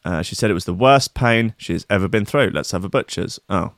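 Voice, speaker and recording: A man's voice: low voice, a little fast, no echo, studio quality. A man hosting a comedic news commentary, reading stories aloud with sarcastic, crude, rambling asides. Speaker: host.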